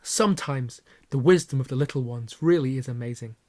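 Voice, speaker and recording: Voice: medium pitch, a little fast, darkish tone, slight background noise. Mock-dramatic comedic fanfiction reader. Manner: sarcastic asides, mock-dramatic narration. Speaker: youtuber reading fanfiction. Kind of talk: comedic dramatic reading with asides.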